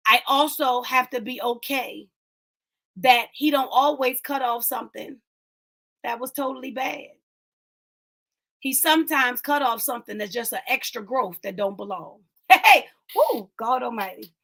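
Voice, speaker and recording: This woman's voice is a little high, a bit bright, and gravelly, paced normally. She preaches encouragement as host of an online inspirational talk, stressing and repeating her lines while addressing live viewers.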